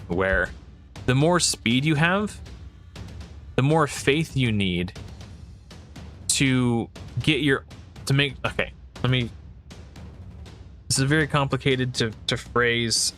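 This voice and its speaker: A man talks through his thoughts on a game in a loose, rambling way, often stopping to restart a sentence or reach for a filler. His voice sits at an ordinary middle pitch. Soft music plays faintly underneath. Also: expressive, measured pace, long pauses. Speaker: gaming video creator. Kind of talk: casual thinking-aloud commentary.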